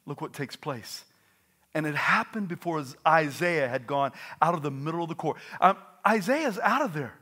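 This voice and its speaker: A man preaching a sermon with lively delivery, dropping to quiet asides and rising to loud exclamations. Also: on the high side, normal speed. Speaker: pastor.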